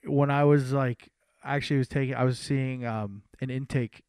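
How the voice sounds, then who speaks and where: A man's voice: mid-range voice, fairly even intonation, moderate pace, darkish tone, clean tone, no echo, clean studio sound. A man co-hosting a casual podcast, rambling and cutting himself off mid-sentence. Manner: rambling, self-interrupting, laughs easily. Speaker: podcast co-host.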